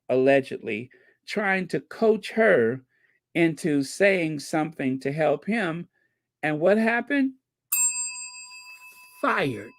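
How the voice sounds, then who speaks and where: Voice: medium pitch, dry recording. A channel host giving commentary on viewer comments, emphatic and repeating key points for effect.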